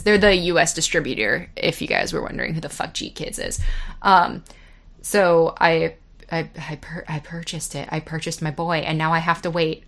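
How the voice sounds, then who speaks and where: A woman's voice: fairly low pitch, fairly even intonation, moderate pace, creaky, a bit bright. Rambling, swearing podcast woman in her twenties. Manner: rambling, swears freely, laughs at herself. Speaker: podcast host. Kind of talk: casual solo podcast chat.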